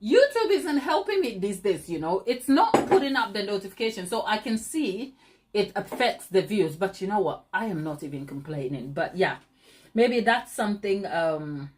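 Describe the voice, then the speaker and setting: A woman hosts a baking stream and chats with her viewers while she decorates cupcakes. She teases them and laughs often. Her pitch swoops up and down in a lively way around a mid-range voice. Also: normal speed. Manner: chatty, teasing, laughs often. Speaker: baking channel host.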